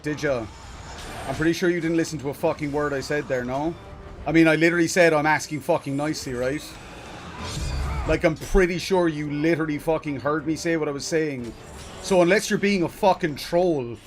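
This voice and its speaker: A man's voice: a little high, a little fast. A man streaming a game live, ranting in exasperation and swearing at his chat. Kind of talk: live let's play commentary. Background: game music.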